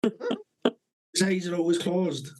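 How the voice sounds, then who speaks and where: A man's voice: high voice, huge pitch swings, slow pace, a little mellow. A man, chatting casually on a podcast. He tells sweary stories and laughs often along the way. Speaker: podcast co-host. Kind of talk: casual chat.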